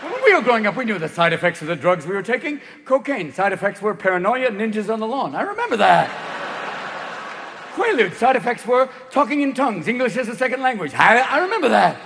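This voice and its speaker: A man's voice: sits high, animated, a bit bright, long reverb tail, a little hiss or hum. A man in his fifties performing a profane, manic stand-up comedy routine on stage. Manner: manic, profane, rapid shifts into voices. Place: stage before a live audience.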